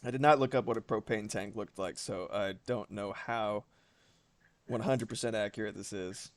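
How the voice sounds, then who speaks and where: A man chatting casually on a live stream while he draws, animated and swearing freely, with quick asides. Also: fairly low pitch.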